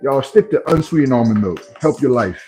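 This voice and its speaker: A man's voice: medium pitch, fairly quick, low-quality recording. A man talking live to his viewers in a loose, playful style, teasing them as he goes. His voice rises and falls a great deal. Faint music plays in the background. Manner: playful trash talk, animated. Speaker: livestream host. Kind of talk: casual live chat with viewers.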